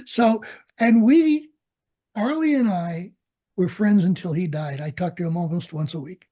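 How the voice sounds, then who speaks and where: An older man recalls his flight training in a relaxed, husky voice. He tells his stories with energy, acting out the dialogue and laughing as he goes. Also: high-pitched, measured pace. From United States. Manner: animated storyteller, acts out quoted dialogue, laughs often. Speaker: interviewee, Vietnam veteran pilot. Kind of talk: storytelling in an oral history interview.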